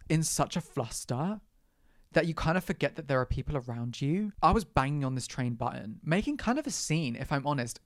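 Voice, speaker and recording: A man's voice: mid-range voice, no echo, studio quality. A man telling a personal story as a podcast host, chatty and dramatic, with quoted asides and the odd swear word. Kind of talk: casual storytelling monologue.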